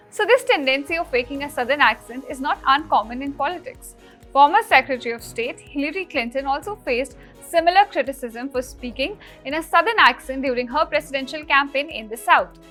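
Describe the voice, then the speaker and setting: A woman news anchor reading scripted news stories in a brisk, emphatic delivery. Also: high voice, a bit bright.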